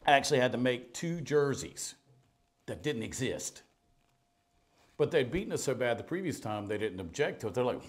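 Brief: middle-aged man, pastor, lively storytelling sermon, pitch leaps around, drops to near-whispers. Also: brisk. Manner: animated, jumps between loud and hushed, laughs at own stories.

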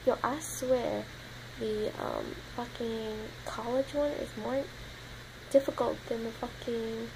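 Young woman vlogging, high voice w lots of fry, swears nonstop, kinda tired and rambly. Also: very animated, slow, background noise. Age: young adult. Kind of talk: casual chat to camera.

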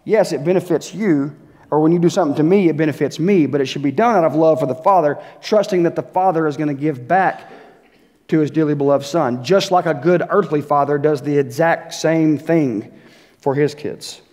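Here a pastor with a somewhat high, darkish voice delivers a sermon at normal speed. His style is conversational: he asks the church questions directly and voices short quotes, all echoing with long reverb in the sanctuary.

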